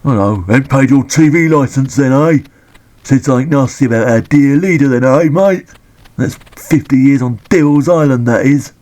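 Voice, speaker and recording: A man's voice: medium pitch, moderate pace, darkish tone, pitched above the performer's own voice, close to an everyday voice. A man voicing a swaggering, bullying street policeman who taunts in a mock-friendly way. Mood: taunting.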